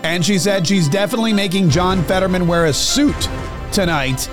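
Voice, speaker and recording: A man's voice: high voice, normal speed, music in the background. A middle-aged man hosting a talk show, telling a rambling, self-mocking story in a casual monologue. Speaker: radio talk show host.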